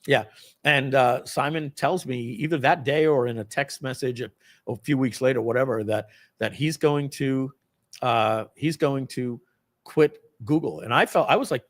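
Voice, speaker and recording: A man tells a story to an audience in a lively, animated way. He leaps into high squeaky voices when quoting others. His voice sits at an ordinary middle pitch. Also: moderate pace. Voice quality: acts out voices with big pitch jumps. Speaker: host.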